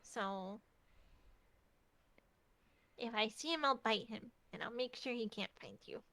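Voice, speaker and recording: A woman voicing a gentle young man character who speaks softly and hesitantly. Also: a little high, takes it slowly, no echo, full character voice. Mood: earnest. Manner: soft-spoken and hesitant.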